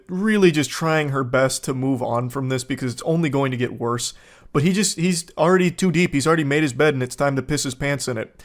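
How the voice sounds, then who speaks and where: A man's voice: mid-range voice, brisk. A man giving sardonic, incredulous comedic commentary while reading text messages aloud.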